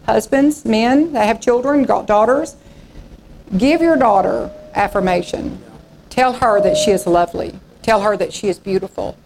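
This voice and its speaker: A woman's voice: mid-range voice, moderate pace, gravelly, low-quality recording. A woman pastor in her sixties, preaching in a folksy storytelling way and acting out the voices in her stories. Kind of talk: sermon.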